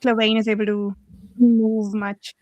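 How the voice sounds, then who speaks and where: Chatty woman with a fairly high voice. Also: little pitch movement, measured pace, darkish tone, no room sound. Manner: chatty, laughs often, frequent self-corrections. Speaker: book club discussion leader. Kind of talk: casual book discussion.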